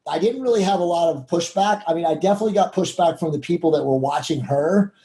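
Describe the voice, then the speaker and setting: A man's voice: a little high, fast talker, dark tone, poor audio. A man, a guest entrepreneur, speaking candidly in a rambling way with many fillers about his life. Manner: rambling, heavy with "you know" fillers; candid and self-reflective. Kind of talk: casual interview storytelling.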